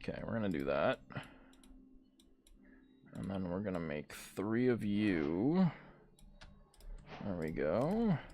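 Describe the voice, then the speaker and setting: A man's voice: low voice, sing-song, slow pace, pauses often, darkish tone. A young man rambling casually and swearing a lot while he plays a game and tells stories, with plenty of fillers. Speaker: gaming vlogger.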